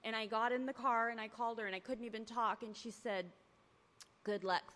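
A woman's voice: a little high, fairly even intonation, quick pace, pushed and bright, slight background noise. A woman telling her recovery story to a meeting in an earnest way, acting out the voices of the people in it. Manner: earnest storytelling that acts out remembered talk. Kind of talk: personal testimony to a recovery meeting. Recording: long hall reverb.

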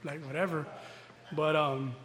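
Candid man telling a rough personal story. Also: fairly high pitch, steady tone, a little slow, fairly bright tone. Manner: candid, rambling, swears often, many restarts. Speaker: former prisoner telling his story. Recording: faint noise with long reverb.

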